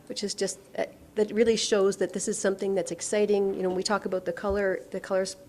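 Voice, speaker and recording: Woman councillor, enthusiastic, brisk delivery, faint room hum. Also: mid-range voice, little pitch movement, a little mellow. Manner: upbeat and enthusiastic. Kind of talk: council meeting report.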